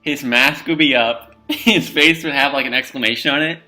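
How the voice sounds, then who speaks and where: A man's voice: medium pitch, normal speed, pushed and bright, soft background music. A man casually describing his character's actions as a tabletop game player.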